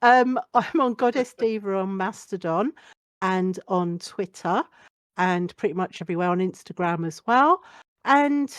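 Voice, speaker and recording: A woman's voice: mid-range voice, measured pace, no room sound. A young woman chatting as a podcast guest, blunt and sweary, laughing often. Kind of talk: casual podcast chat.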